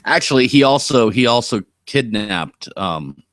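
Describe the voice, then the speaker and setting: A man's voice: mid-range voice, expressive, a little slow, fairly bright tone. A man from Oregon hosting a casual live stream, chatty and rambling as he thinks aloud. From Oregon, USA. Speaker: host.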